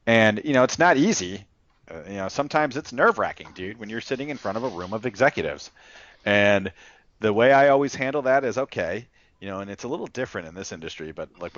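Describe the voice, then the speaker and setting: A man's voice: lowish voice, animated, fast talker, fairly bright tone, no echo, muffled recording. A man giving casual, blunt, profane sales advice, talking loosely with lots of fillers. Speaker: enterprise sales rep coaching a colleague.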